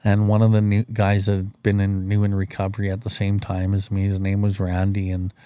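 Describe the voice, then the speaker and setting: A man's voice: on the low side, monotone, brisk, dark tone, clear, resonant tone, dry recording. A middle-aged man hosting a recovery podcast, telling his story in a rambling, profane, plain-spoken way. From Canada. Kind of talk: casual storytelling.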